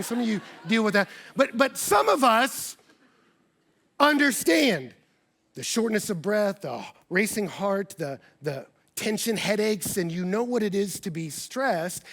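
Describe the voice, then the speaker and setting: A man, a pastor, preaching a sermon with personal storytelling, animated and acting out quoted dialogue. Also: moderate pace. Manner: animated, acts out quoted dialogue with big pitch jumps.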